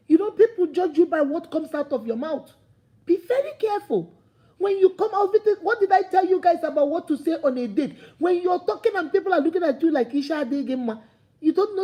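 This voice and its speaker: Animated woman, high and mellow. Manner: animated, preachy, acts out imagined speakers. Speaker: motivational speaker. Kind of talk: motivational talk to camera.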